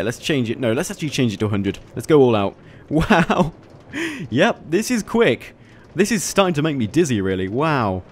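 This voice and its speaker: A man at a middling pitch talks through a video game showcase in a loose, casual way. He is chatty and easily excited, and he often breaks into laughter. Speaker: YouTube gaming host. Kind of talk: casual gameplay commentary.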